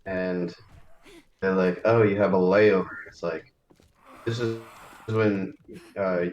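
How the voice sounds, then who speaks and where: Low-voiced young man on a roomy call. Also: fairly even intonation, slow pace, darkish tone, lo-fi sound, slight background noise. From New Jersey. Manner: laughs through his stories, casual swearing. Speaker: friend on a call. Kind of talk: casual chat.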